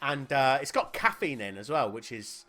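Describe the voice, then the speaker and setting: A man's voice: mid-range voice, very animated, moderate pace, fairly bright tone. A man with a Northern Irish accent co-hosting a podcast, swearing and laughing through casual banter. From Northern Ireland. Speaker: podcast co-host.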